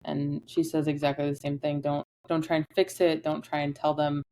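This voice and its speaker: A man's voice: fairly high pitch, completely flat delivery, moderate pace, darkish tone, a little hiss or hum, poor audio. A man hosting an interview, mostly offering short supportive affirmations. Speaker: podcast host. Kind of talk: interview conversation.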